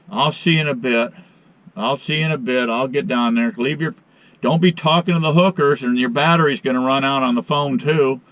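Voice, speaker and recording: A middle-aged man with a sore arm talks to his viewers in a folksy, rambling way at an everyday pitch. He grows exasperated on a phone call. His voice is recorded close and dry, with no room echo. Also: a bit bright. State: sore arm after a shot. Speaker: outdoor vlogger and beekeeper. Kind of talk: casual vlog talk to viewers.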